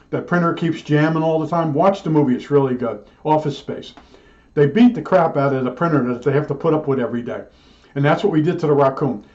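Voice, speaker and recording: A man's voice: fairly high pitch, darkish tone, dull audio. An older man telling a rambling personal anecdote, chatty and digressive, with many restarts and asides. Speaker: storyteller recalling old work days.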